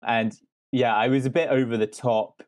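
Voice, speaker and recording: A man co-hosting a podcast, giving his take on a film in relaxed, measured casual chat. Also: mid-range voice. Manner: relaxed, measured, hedging with "I mean". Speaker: podcast co-host.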